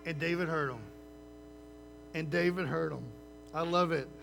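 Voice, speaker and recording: A man preaching a sermon in a lively, conversational way, often checking in with the listeners with "right?" and using sports comparisons. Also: a little high, moderate pace, vocal fry, a little hiss or hum. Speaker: pastor.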